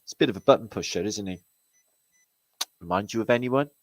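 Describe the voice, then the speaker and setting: A man's voice: lowish voice, brisk, a little hiss or hum, poor audio. A man from Britain hosting, giving rambling, sarcastic and profane commentary over pictures. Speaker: host.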